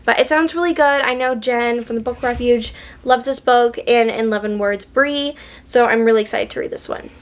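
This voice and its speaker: A woman's voice: fairly high pitch, moderate pace, a little hiss or hum. A woman book vlogger in a casual chat, gushing and chatty, with lots of ums and likes.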